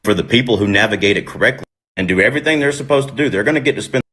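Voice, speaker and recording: A man working as an astrologer, giving an urgent, insistent scripted pitch to the camera. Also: lively intonation, very fast, bright, forceful tone, soft background music.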